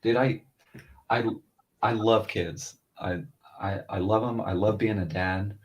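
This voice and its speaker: A man's voice: fairly low pitch, steady tone, measured pace. Rambling, easygoing man in his thirties. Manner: rambling storyteller, loose and chatty, quoting others in a lifted voice. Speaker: podcast co-host, father. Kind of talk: casual chat.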